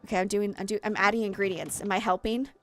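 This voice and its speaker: A young adult woman live-streaming a game, chatting casually with friends, excitable, giggly and easily flustered. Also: mid-range voice, fast talker, soft background music. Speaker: streamer hosting a game party.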